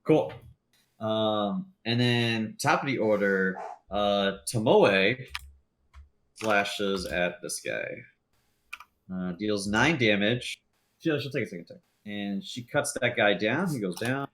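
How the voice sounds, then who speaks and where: A man's voice: lowish voice, takes it slowly, a bit bright, slight background noise. A man running a tabletop game as game master, narrating loosely with lots of fillers and laughs.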